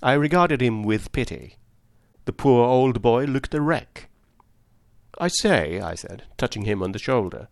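A man narrating a comic story in the first person with a lively, expressive reading. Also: medium pitch, normal speed, gravelly, no room sound, studio quality. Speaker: audiobook narrator.

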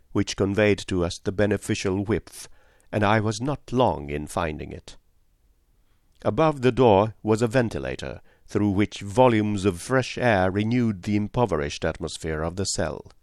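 Guy reading an old novel out loud, lowish voice, measured and formal, dry close sound. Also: lively intonation, no echo. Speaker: audiobook narrator. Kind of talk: scripted first-person narration.

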